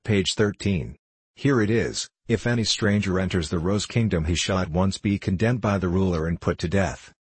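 Fussy storybook gardener, officious little man, low and husky, read by a man. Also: moderate pace, darkish tone, dry recording. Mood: triumphant. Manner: indignant, officious.

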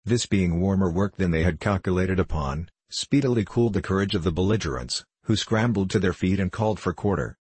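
A man narrating a classic novel as an audiobook in a measured storytelling delivery. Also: low-pitched, darkish tone, husky, no room sound. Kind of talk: scripted narration.

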